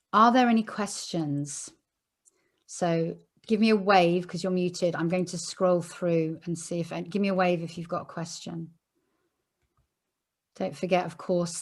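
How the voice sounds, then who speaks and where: A woman leading a live online meditation ceremony, explaining the steps slowly and soothingly and checking in with "okay?" over a video call. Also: lowish voice.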